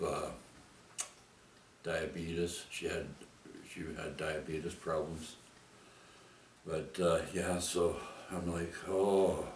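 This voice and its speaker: A man's voice: extremely low pitch, far from the mic, slight background noise. A man telling a personal story in a casual, rambling way, tagging his sentences with "eh?" and "right?". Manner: rambling, with frequent "eh?" and "right?" tags. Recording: echoey room, off the mic.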